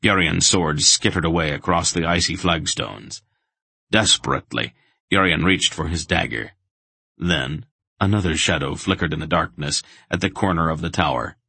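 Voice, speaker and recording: A male audiobook narrator reading fantasy in a measured, deliberate way. His voice is very low and gravelly, with a husky grain. The sound is close and dry. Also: bright, forceful tone, no echo.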